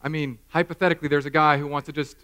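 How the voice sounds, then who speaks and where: A man in his thirties preaching a sermon in a church, animated and self-mocking, acting out little scenes. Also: fairly high pitch, rapid-fire, smooth. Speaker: pastor. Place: church hall.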